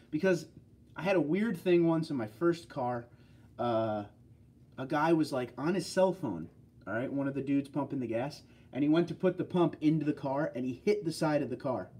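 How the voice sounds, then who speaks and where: Husky-voiced man chatting on a livestream. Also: on the high side, warm tone. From New York. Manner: rambling, chatty, talks straight to viewers. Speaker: livestream host. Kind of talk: casual livestream chat answering viewer comments.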